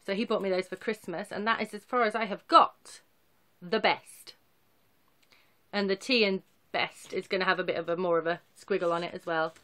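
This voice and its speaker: A woman's voice: lowish voice, steady tone, quick pace, few pauses, sharp tone. Chatty, rambling woman vlogger. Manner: rambling, chatty, self-deprecating. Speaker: cross-stitch vlogger. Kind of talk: casual chatty show-and-tell.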